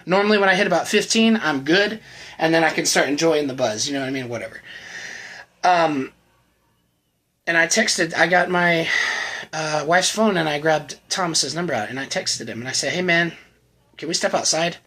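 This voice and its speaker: A man in his thirties giving a candid personal testimony as a channel host, halting and full of restarts. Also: fairly high pitch, pushed and bright, low-quality recording. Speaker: channel host telling his recovery story. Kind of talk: personal testimony, casual storytelling.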